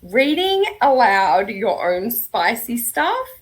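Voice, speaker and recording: An Australian woman talks with a bright, sharp edge over a video call. She is a chatty guest author who keeps laughing as she goes. Her pitch sits in a middle range. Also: animated, normal speed, low-quality recording. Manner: chatty, laughs often while talking. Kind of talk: casual panel chat.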